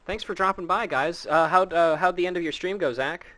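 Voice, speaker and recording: A man's voice: high voice, fairly quick, fairly bright tone. A man hosting a casual game stream, teasing his co-reader with wisecracks. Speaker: stream host.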